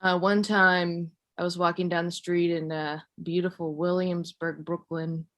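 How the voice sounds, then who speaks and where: A young woman from California doing a stand-up comedy set, rambling and self-mocking in a deadpan way. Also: fairly low pitch, measured pace. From San Jose, California.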